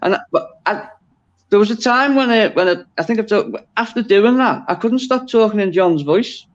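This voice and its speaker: A man's voice: sits high, expressive, moderate pace, dull audio. A man from Liverpool with a Scouse accent, chatting casually on a video call, rambling and correcting himself as he goes. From Liverpool, England. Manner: rambling, self-interrupting, chuckling. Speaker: guest. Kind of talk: casual chat on a live stream.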